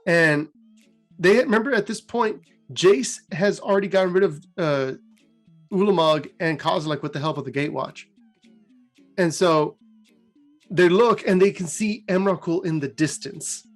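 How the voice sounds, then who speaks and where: A man's voice: sits high, normal speed, faint music behind. A young man hosting a casual lore retelling, chatty and giggly with slangy asides. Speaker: host.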